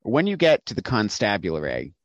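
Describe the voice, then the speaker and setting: Man, game master, tabletop narration, measured, descriptive, dry lo-fi sound. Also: on the low side, wildly swooping pitch, no room sound.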